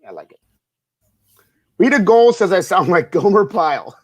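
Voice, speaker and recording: A man's voice: high-pitched, sing-song, moderate pace. Teasing middle-aged male co-host. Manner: teasing, rambling, big-brotherly. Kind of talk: casual chat.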